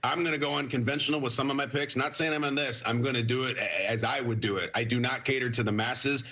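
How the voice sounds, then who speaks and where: A man argues his football pick with emphatic conviction, his voice sharp and forceful. There is a husky grain to it. He speaks as a sports talk co-host in a lively debate. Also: mid-range voice, fast.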